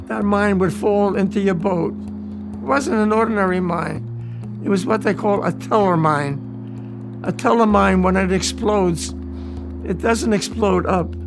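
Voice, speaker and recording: High, gravelly old man telling war memories. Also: over music. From United States. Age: 90s. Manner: plain, halting, repeats key phrases. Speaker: war veteran recounting memories. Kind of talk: personal testimony storytelling.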